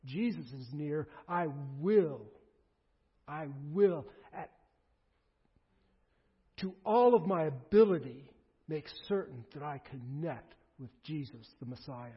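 A man's voice: on the high side, slightly rough, big-room sound. A man voicing a determined blind male beggar who insists he will be heard. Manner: insistent, declaring his resolve. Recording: dull lo-fi recording.

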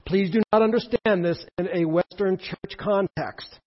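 A man preaching a sermon in an animated way, with emphatic peaks and asides to the congregation. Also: high-pitched, unhurried, lo-fi sound. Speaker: pastor.

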